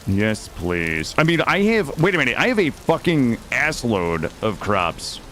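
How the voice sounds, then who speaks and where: Medium-pitched and a bit bright, this man speaks very animatedly though a little slowly while streaming a video game, joking, swearing and rambling to his viewers. The casual commentary is recorded close on a studio dynamic mic, with slight background noise.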